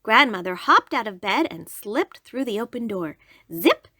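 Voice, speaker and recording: A woman reading a children's storybook aloud in a slow, lilting, expressive way. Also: fairly high pitch, no echo, studio quality.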